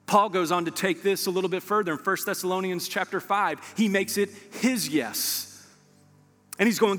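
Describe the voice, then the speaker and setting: A man preaching a sermon, talking in a lively, impassioned way that swings from quiet stretches to louder ones. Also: high-pitched, normal speed. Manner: impassioned, builds from hushed to loud. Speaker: pastor. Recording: long hall reverb with soft music behind.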